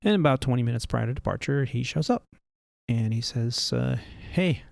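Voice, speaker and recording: A man's voice: mid-range voice, animated, a little fast, vocal fry, a little mellow, dry recording. A man who is an airline captain, hosting a podcast and casually telling stories, often asking the listener questions. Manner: conversational, asks listener questions. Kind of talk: casual storytelling.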